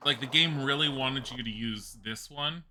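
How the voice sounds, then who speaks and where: Bright-voiced chatty male streamer. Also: mid-range voice, moderate pace, slight background noise. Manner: rambling, chatty, laughs often, swears casually. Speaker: live streamer. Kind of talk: casual gameplay commentary.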